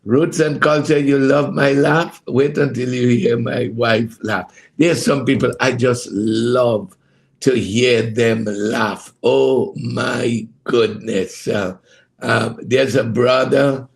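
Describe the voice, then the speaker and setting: A man's voice: medium pitch, steady tone, slow pace, gravelly. A man hosting a casual devotional program from a home studio, hesitant and full of fillers, greeting listeners by name and laughing heartily. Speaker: ministry program host. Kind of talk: casual devotional broadcast chat.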